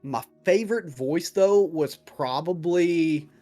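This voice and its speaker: A man's voice: a little high, takes it slowly, dark tone, faint music behind. A man acting as dungeon master, casually answering viewer questions with jokes and swearing. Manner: casual and profane, joking. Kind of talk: casual chat.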